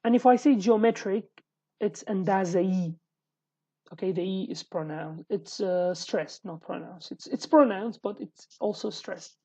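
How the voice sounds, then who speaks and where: In a dull lo-fi recording made at home, a woman leads a relaxed online language lesson, patiently repeating each word with frequent pauses. Her medium-pitched voice is mellow and slightly rough.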